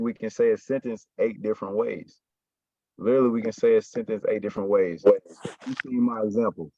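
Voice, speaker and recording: A man's voice: fairly low pitch, no room sound, lo-fi sound. A man coaching his sales team in casual talk, stressing words and often checking in with "right?" and "you got me?".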